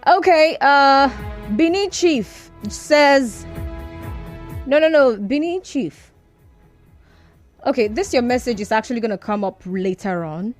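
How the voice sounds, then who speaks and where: A Nigerian woman hosting a radio phone-in, brisk and firm, arguing back at callers. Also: sits high, lively intonation, faint music behind. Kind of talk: call-in radio talk.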